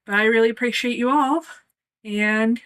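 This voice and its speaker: A woman's voice: on the high side, moderate pace, fairly bright tone. A woman co-hosting a casual chat, rambling and giggling often. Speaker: co-host.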